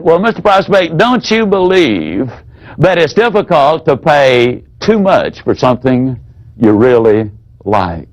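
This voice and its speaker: A man's voice: on the high side, lively intonation, measured pace, low-quality recording. Folksy man teaching a sales seminar. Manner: folksy, demonstrative, drops his voice to act out examples. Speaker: sales trainer.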